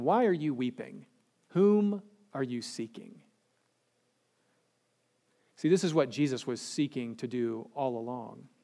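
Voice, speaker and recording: A male pastor preaching a sermon, animated, dropping to slow and hushed when he quotes scripture. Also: medium pitch.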